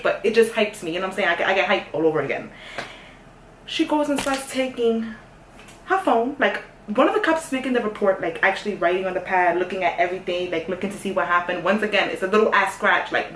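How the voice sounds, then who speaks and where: A young woman telling a story in a casual, sassy way, dropping to a hush and then getting loud. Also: mid-range voice, recorded from a distance, slight background noise. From New York. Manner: animated, sassy, swings from hushed to loud. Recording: echoey room, voice off-mic.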